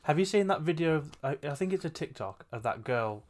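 A woman's voice: deep voice, animated, fairly quick, darkish tone. A young British woman co-hosting a podcast, bantering and teasing her friend. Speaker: podcast co-host. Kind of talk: casual chat.

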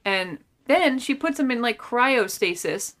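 A woman's voice: fairly high pitch, expressive, a little slow, fairly bright tone. A woman co-hosting a podcast, making sarcastic, exasperated remarks about a movie with casual swearing. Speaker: podcast co-host. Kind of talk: casual movie recap chat.

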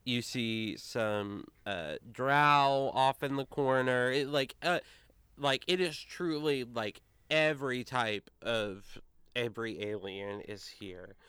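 A man running a tabletop game as game master, narrating in a relaxed, meandering way. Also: medium pitch, slow, clean tone, no echo.

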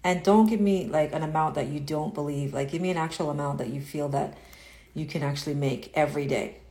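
A woman spiritual coach in a casual live-stream talk, answering viewer comments in an earnest, repetitive way that turns animated when she acts out inner doubts. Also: sits low, fairly quick.

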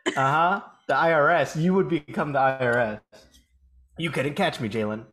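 A man's voice: fairly high pitch, expressive, normal speed, a bit bright. A young man co-hosting a podcast, teasing his co-host and laughing often in casual chat.

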